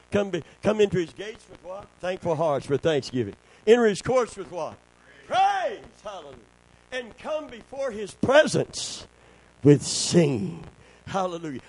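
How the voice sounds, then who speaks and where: A man's voice: high-pitched, darkish tone. A man preaching a sermon, calling for amens and breaking into song. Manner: call-and-response, asks congregation for amens.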